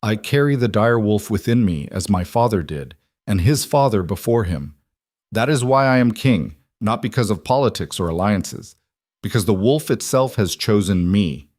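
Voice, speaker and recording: A man voicing a commanding male werewolf king who speaks in a stern, measured way. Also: on the low side, expressive, darkish tone, no room sound, clean studio sound.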